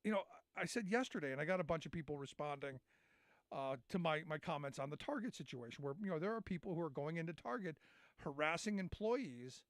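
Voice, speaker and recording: High-voiced sarcastic male radio host. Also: animated, fairly quick, dry recording, studio quality. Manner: sarcastic, conversational, with frequent restarts. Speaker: radio talk show host. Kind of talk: call-in radio talk.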